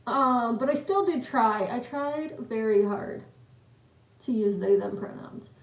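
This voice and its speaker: A woman's voice: a little high, slow. A young woman livestreaming, telling a story in a rambling, giggly way and greeting viewers in chat. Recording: echoey room, mic at a distance, dull lo-fi sound.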